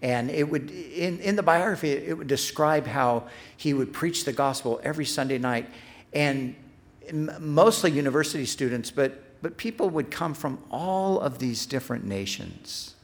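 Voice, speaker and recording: A man's voice: mid-range voice, expressive, moderate pace. A middle-aged man preaching a sermon as pastor. He speaks earnestly, building emphasis on repeated phrases, and restarts his sentences when he speaks off the cuff.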